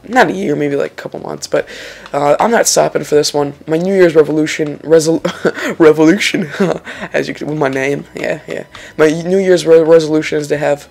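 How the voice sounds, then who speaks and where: A young Lithuanian gaming channel host provides casual, excitable let's-play commentary over a racing game, swearing and exclaiming whenever he slips up. His voice is fairly high and creaky.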